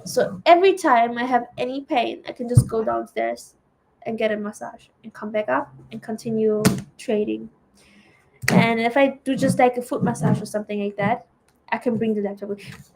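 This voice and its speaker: A woman's voice: on the high side, fairly even intonation, normal speed, creaky, darkish tone, slight background noise. A woman hosting a live trading stream in a casual, chatty way, reading viewer comments aloud and answering them. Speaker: trading livestream host. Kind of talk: casual livestream chat.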